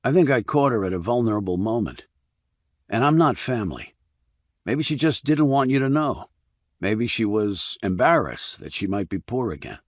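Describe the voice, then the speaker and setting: A man's voice: on the low side, very animated, moderate pace, no room sound, studio quality. A man doing a terse army investigator. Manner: terse, level, confident. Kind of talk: audiobook character reading.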